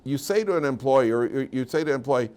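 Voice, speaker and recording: An older man, a rabbi, teaching a Torah class. He reads out Hebrew quotes and explains them in English with lively, conversational asides. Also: medium pitch, a little fast.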